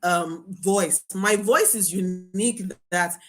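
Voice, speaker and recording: Young woman coach teaching a webinar, emphatic, animated. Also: medium pitch, slow pace. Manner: animated, emphatic, laughs and acts out students' voices. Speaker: marketing coach.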